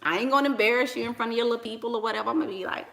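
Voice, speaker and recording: A woman's voice: on the high side, racing, creaky, fairly bright tone. A woman, chatting casually and animatedly to viewers, slangy and laughing often. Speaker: online business coach and vlogger.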